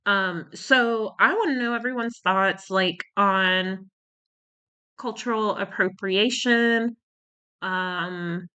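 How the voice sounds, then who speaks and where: A woman's voice: medium pitch, slow, pushed and bright, clean tone, dull audio. A woman talking in a casual commentary vlog. She rambles and searches for words, and she is short of breath from a cold. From United States. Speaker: YouTuber.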